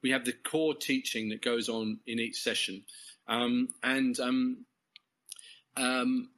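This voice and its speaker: An English man tells his story as an interview guest. His tone is bright and ringing, and he wanders through the telling, correcting himself and chuckling as he goes. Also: medium pitch, steady tone, takes it slowly, low-quality recording. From England. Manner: rambling, self-correcting storyteller who chuckles often. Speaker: course leader.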